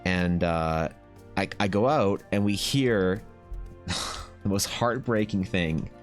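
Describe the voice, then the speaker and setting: A man's voice: deep voice, slow pace, soft background music. A young Canadian man telling a rambling story to his stream chat, casual and full of swearing and fillers.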